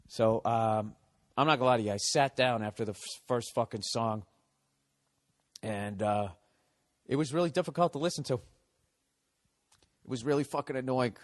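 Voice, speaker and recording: Brief: a male comedy podcast host, profane and sarcastic, ranting through a story. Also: medium pitch.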